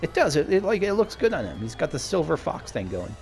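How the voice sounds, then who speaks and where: Chatty man with a gravelly voice. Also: a little high, wildly swooping pitch, fairly quick, a little mellow, soft background music. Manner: chatty, enthusiastic, self-interrupting. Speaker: let's play host. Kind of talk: casual game commentary.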